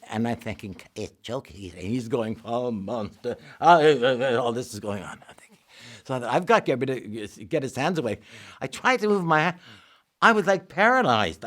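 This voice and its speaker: An older male actor telling backstage anecdotes in an animated way, acting out the other voices. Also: mid-range voice. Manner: animated, acts out the voices in his stories. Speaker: actor interviewee. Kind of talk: anecdotal storytelling.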